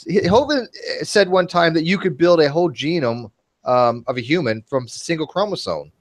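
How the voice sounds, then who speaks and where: A man chatting casually in an online commentary show, joking and animated. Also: brisk, no room sound. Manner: animated, joking, swings in pitch.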